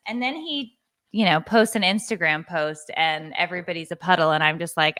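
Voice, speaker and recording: A woman's voice: fairly low pitch, fairly quick, fairly bright tone. A woman in her thirties co-hosting a parenting podcast, chatting casually and laughing easily. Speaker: podcast co-host. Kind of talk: casual chat.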